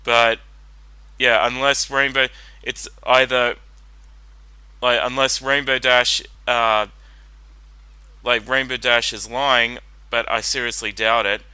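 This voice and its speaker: A man's voice: mid-range voice, little pitch movement, slow pace, pauses often, bright, forceful tone, clean tone, no echo, poor audio. A man giving casual commentary while watching a cartoon, rambling and hesitant, often correcting himself. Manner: rambling, hesitant, self-interrupting. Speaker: reaction video host.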